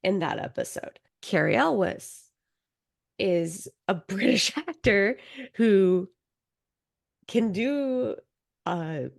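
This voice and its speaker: A woman co-hosting a podcast in casual chat, telling stories in an unhurried way with trailing pauses. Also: mid-range voice, animated, creaky, dry recording, studio quality. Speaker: podcast co-host.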